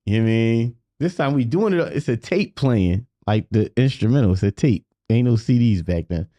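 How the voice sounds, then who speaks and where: A man's voice: mid-range voice, lively intonation, moderate pace, warm tone, no echo. A man, a rapper telling a story on a podcast, swearing freely and often repeating "you know what I mean". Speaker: guest rapper. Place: podcast studio.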